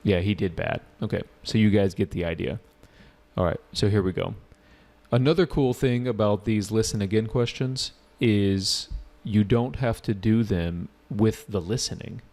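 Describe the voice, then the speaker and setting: A man's voice: fairly low pitch, normal speed, a little mellow. A man teaching a live online test prep class, casual and joking as he walks through questions and answers student chat.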